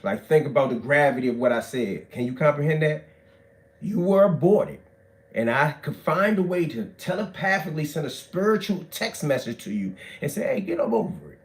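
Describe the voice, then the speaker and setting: A man, telling prison stories in animated, profane street talk that swings from shouts to low mutters. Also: moderate pace.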